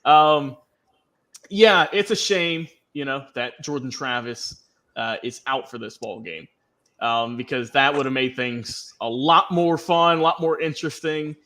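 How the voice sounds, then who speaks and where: A man's voice: mid-range voice, measured pace, pushed and bright. A man hosting a casual sports prediction panel, easygoing and hesitant, with many ums. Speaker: sports show host.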